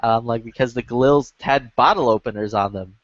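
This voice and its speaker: A man's voice: mid-range voice, fairly quick, no room sound. Casual male chatter, swears freely and fills with "like", dull lo-fi chat audio. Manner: profane, rambling, many filler "like"s. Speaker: lobby chat regular.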